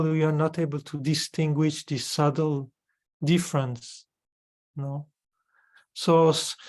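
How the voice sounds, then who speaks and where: A male Buddhist teacher explains a subtle point of philosophy to a student. He talks in a measured, explanatory way and keeps checking that his listeners follow. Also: fairly high pitch, a little mellow. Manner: measured and explanatory, with tag questions. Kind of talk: dharma teaching, answering questions.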